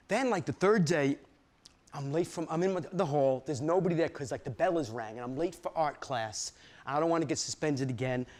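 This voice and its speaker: Animated, streetwise male storyteller. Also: a little high. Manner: vivid, streetwise, animated, with frequent "man" and profanity. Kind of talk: dramatic first-person storytelling reading. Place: studio stage reading.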